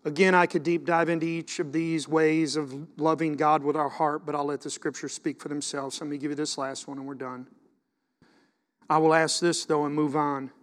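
High-voiced pastor preaching with fervor. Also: male voice, normal speed, big-room sound. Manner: animated preaching, reads scripture aloud, swings from loud to quiet. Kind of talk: sermon.

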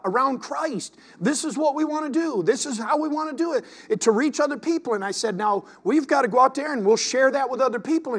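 A male pastor preaching a sermon, reading scripture aloud, repeating words, and asking his congregation questions. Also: very high voice. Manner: repeats words and restarts sentences.

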